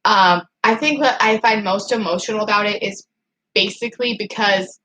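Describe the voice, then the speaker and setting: A livestreaming vlogger speaks in a mid-range, pushed and bright voice with fairly even intonation at normal speed, on a low-quality recording with slight background noise. Still upset after crying, she rambles emotionally through a casual stream, answering her chat with nervous laughs and many fillers.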